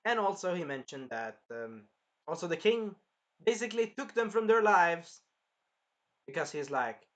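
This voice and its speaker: A man's voice: high-pitched, expressive, normal speed, a bit bright. A man giving a casual, rambling episode review of an anime, loose and a bit profane.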